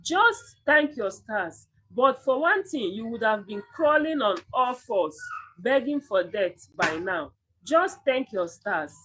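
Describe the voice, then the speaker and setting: A woman reading the part of a hot-tempered male bodyguard of the king, speaking slowly and threateningly. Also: mid-range voice, expressive, a bit bright, a little hiss or hum, rough recording.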